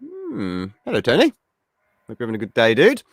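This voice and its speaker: A man's voice: mid-range voice, wildly swooping pitch, brisk, no echo, clean studio sound. A man from the West Midlands with a West Midlands English accent, hosting a casual live-stream chat and saying mate a lot. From England, West Midlands. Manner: chatty, says mate a lot. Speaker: show host.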